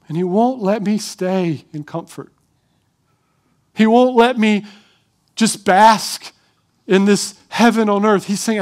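A man preaching a sermon as pastor, animated, acting out crowd shouts in a raised voice. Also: high voice.

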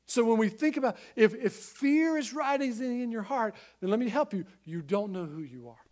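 A male pastor preaching a sermon in an earnest, emphatic way, speaking straight to listeners at home and swinging between quiet and loud. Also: very high-pitched, lively intonation, normal speed. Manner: addresses listeners at home directly.

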